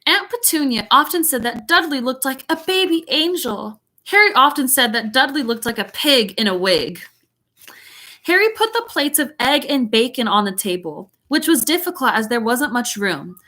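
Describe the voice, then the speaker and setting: A woman's voice: high-pitched, big pitch swings, normal speed, sharp tone. Giggly woman teacher reading aloud. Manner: giggly, chatty, playful asides. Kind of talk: chatty read-aloud with asides.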